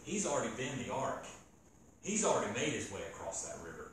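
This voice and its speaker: A man preaching a casual, joking sermon, talking with the crowd in an animated way. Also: on the low side, normal speed, slight background noise. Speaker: youth preacher. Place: church gathering hall. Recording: echoey hall from far off.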